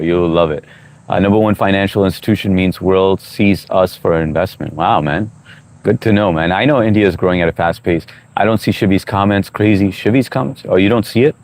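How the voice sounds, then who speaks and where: A middle-aged man with a notably low, deep voice hosts a laid-back livestream outdoors. He reads viewer comments aloud and jokes with his audience. He keeps chatting while he chews his food. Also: a little mellow. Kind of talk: casual livestream chat. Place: outdoors on a walk.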